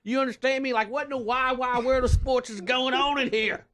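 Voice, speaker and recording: A man voicing a cranky, impatient old gold prospector who blusters gruffly and swears in a folksy way. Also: very high voice, steady tone, fairly quick, a bit bright. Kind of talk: tabletop role-play.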